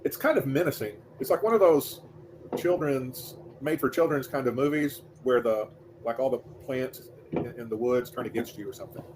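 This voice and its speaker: A man chatting on a livestream in a halting, folksy way, full of restarts. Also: mid-range voice. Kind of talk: casual chat. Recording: noisy livestream audio.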